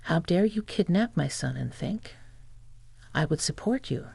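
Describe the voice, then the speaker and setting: Woman reading an angry grown son, stern, scolding, gravelly, dark. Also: on the low side, lively intonation, measured pace, no room sound, exaggerated voice. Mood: furious. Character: furious adult son confronting his mother.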